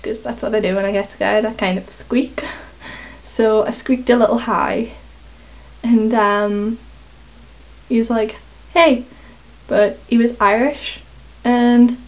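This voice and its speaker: A woman rambling hesitantly in a casual confessional vlog, with lots of pauses and ums. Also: on the high side. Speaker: vlogger. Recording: dull lo-fi webcam audio.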